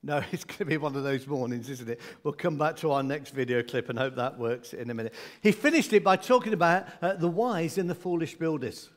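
A man gives a sermon with a fairly high, light voice. He keeps it conversational and humorous, breaking off for asides. His tone stays friendly and unhurried. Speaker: preacher.

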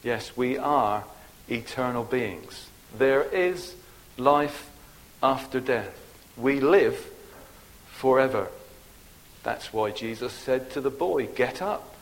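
An older man from England gives a funeral sermon in a gentle, deliberate preaching manner, letting his voice drop softly on key words. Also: mid-range voice, low-quality recording. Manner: slow, gentle, deliberate preaching with soft drops in volume. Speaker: minister at a funeral.

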